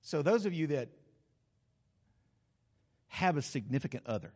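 High, lively preacher in an echoey hall. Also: male voice, a little slow. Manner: emphatic, calls out to the congregation. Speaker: pastor. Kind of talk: sermon. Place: church sanctuary. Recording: echoey hall, dull lo-fi sound.

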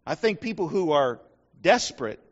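A man's voice: fairly high pitch, very animated, normal speed. A middle-aged man preaching a sermon, telling a personal story in a folksy way and acting out what people said. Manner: folksy storyteller, acts out quotes. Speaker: pastor. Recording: dull lo-fi sound.

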